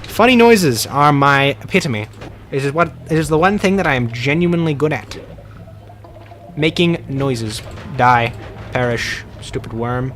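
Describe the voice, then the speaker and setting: A man's voice: fairly high pitch, lively intonation, moderate pace, a bit bright, slight background noise. A man streaming a game, chatting casually and playfully with his viewers in a rambling way.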